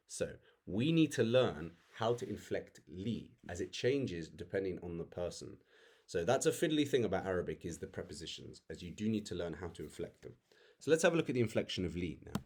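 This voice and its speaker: A man with a low voice teaches a lesson online. His pitch moves up and down a lot as he explains step by step, and he often stops to correct himself. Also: a little mellow. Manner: clear explanatory delivery with frequent self-corrections. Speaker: language teacher.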